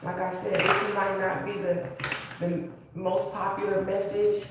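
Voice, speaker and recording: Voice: medium pitch, level tone, a little slow. A tarot reader giving an earnest, emotional reading, repeating key phrases in a casual spiritual style. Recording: very echoey room, distant mic, faint hiss.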